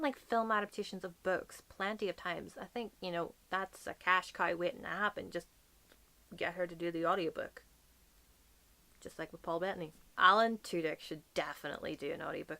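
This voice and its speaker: A woman's voice: on the low side, vocal fry, fairly bright tone. Chatty woman with a light Northern Irish accent. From Northern Ireland. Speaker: book vlogger. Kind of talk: casual chat to camera.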